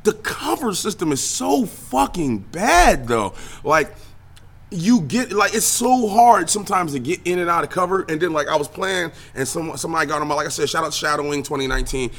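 A man's voice: a little high, normal speed. A young man hosting his own podcast, ranting casually and profanely about video games and the news, with lots of fillers. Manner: profane, animated, trailing filler words. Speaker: podcast host and streamer. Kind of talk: casual solo podcast rant.

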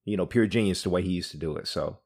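A man's voice: low-pitched, fast talker, darkish tone, slightly rough. A man co-hosting a podcast, laid-back and reminiscing, laughing often. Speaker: podcast co-host. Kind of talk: casual podcast chat.

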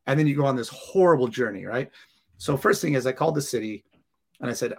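Man telling a lively story. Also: mid-range voice, fast. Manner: animated, acts out dialogue and laughs while telling. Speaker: firefighter guest. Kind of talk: casual storytelling in an interview.

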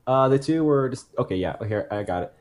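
A man's voice: mid-range voice, lively intonation, a little fast, a little mellow. A man co-hosting a casual podcast, telling a true case in a rambling way that stops to correct itself and throw in jokey asides.

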